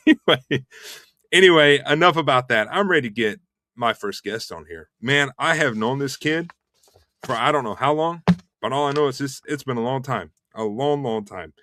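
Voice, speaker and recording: US male host, middle pitch, dry close mic, fast and eager. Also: no room sound. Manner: rushed, energetic promo talk with fillers. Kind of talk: casual online show chat.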